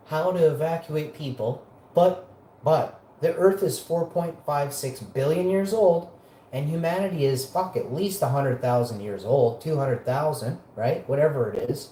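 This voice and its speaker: A man's voice: a little high, lively intonation, a little slow, mellow, slight background noise. A man hosting a live show, ranting in a profane, combative and mocking way. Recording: roomy echo.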